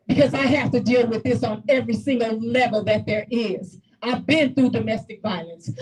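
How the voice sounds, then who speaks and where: Fervent high-voiced woman at a meeting. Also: normal speed, far from the mic, low-quality recording. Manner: fervent, repetitive, breaks into shouting. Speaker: community activist speaking at a meeting. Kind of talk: impassioned public speech.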